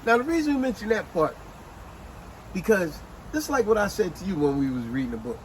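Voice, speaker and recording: A man hosting a casual book review chat, retelling scenes as an animated storyteller with street slang. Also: high-pitched, fairly quick, slight background noise, poor audio. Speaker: host.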